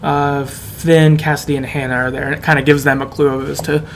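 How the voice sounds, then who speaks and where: A man's voice: on the high side, little pitch movement, fairly quick, vocal fry, fairly bright tone, slight background noise. A man co-hosting a podcast, recapping a story game in casual, rambling chat with lots of fillers. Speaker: podcast co-host.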